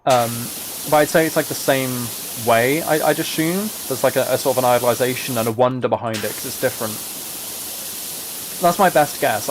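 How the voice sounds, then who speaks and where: A young British man hosting a relaxed livestream, chatting casually and rambling as he answers his chat. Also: mid-range voice. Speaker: livestream host. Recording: steady hiss of spraying water behind.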